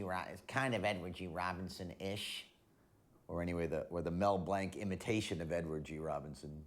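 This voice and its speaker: A man with a low voice gives a documentary interview. He muses casually about his craft, with an easy delivery. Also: steady tone, fairly quick. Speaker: voice actor.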